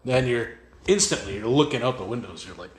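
A man's voice: mid-range voice, expressive, a little fast, echoey room, slight background noise, rough recording. A man in casual chat, mostly chiming in with short agreeing remarks.

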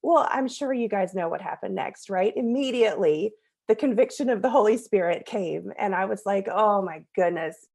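A woman in her thirties speaking as a podcast guest, at a middle pitch. She tells a family story in an earnest, conversational way and now and then laughs at herself. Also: lively intonation, moderate pace, creaky, darkish tone, slightly rough.

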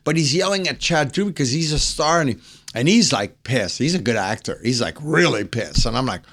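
A man guest on a podcast, telling a story and acting out the quotes in different voices. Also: a little fast. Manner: acts out quotes, swings higher when excited. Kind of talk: animated storytelling.

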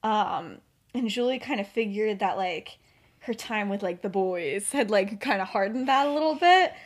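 A woman's voice: medium pitch, lively intonation, normal speed. A young woman retelling a story in a casual, chatty way, full of fillers and restarts. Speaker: podcast storyteller.

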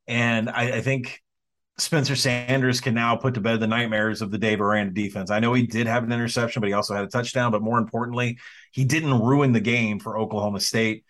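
Measured man breaking down football stats. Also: medium pitch, steady tone, a bit bright. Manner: measured, analytical. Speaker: podcast co-host. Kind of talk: casual sports betting chat.

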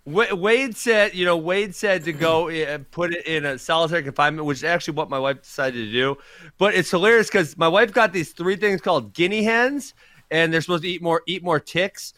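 A man with a high, bright and forceful voice, co-hosting a casual podcast. He laughs often and tells rowdy stories, recorded dry and close. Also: fairly quick, dry recording. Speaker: podcast co-host. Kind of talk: casual chat.

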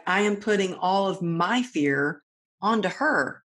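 A woman's voice: on the low side, lively intonation, a little slow, a bit bright. A middle-aged woman hosting a conversation, openly sharing personal struggles in a confessional way. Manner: open, confessional storytelling. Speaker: podcast host.

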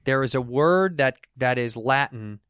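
A man's voice: medium pitch, lively intonation, a little slow, fairly bright tone, clear, resonant tone, no room sound, clean studio sound. A man co-hosting a casual podcast, joking, swearing and laughing as he reads articles aloud. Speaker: podcast co-host.

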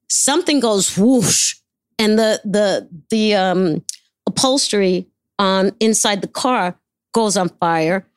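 Animated New woman telling stories. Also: mid-range voice, measured pace, smooth, dry recording, clean studio sound. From New York. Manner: animated, profane storyteller acting out dialogue. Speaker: guest. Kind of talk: casual anecdote telling.

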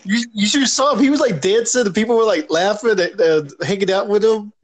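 A man in a relaxed casual chat who laughs often. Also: high-pitched, a little fast.

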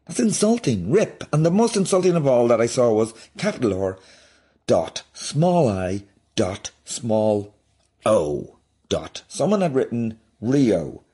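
A man, hosting a comedy podcast and ranting in an exasperated, animated way. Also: on the low side, measured pace, long pauses, husky. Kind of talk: comic rant.

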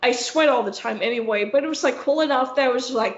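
A woman's voice: high voice, brisk. A young woman co-hosting a podcast, rambling through a story with lots of swearing and "like". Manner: rambling, swearing, heavy use of "like". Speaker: podcast co-host. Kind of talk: casual storytelling chat. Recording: roomy, slightly dull sound.

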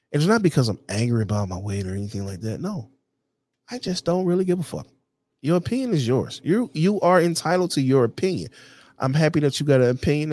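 Blunt male host, swears freely, casual monologue to camera, dry close sound, middle pitch. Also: darkish tone, dry recording. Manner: blunt, heavily profane, repeats "you know what I'm saying". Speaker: podcast host.

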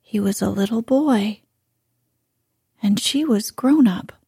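Woman storyteller, bedtime story, hushed and breathy, mellow tone. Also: medium pitch, dry recording, studio quality. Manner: soft, hushed, drawn-out delivery. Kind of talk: soothing bedtime story reading.

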